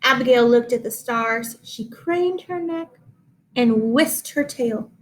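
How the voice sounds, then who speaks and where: A woman reading a picture book aloud to children, slow and expressive, stopping to explain. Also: fairly high pitch, slight background noise.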